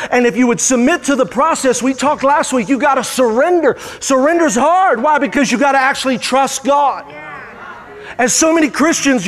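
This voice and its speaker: A man's voice: very high-pitched, a bit bright. A man preaching a sermon as pastor, with rising, emphatic bursts. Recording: hall reverb.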